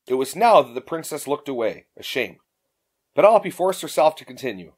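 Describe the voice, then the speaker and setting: A man narrating an audiobook in an expressive reading. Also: a little high, brisk.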